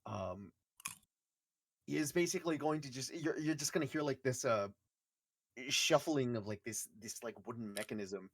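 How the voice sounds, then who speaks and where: A woman's voice: very deep voice, lively intonation, normal speed, dry recording. Woman running a tabletop game, voice jumps all over, lots of likes and ums, dry close mic. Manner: rambling, full of fillers and laughter. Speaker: game master.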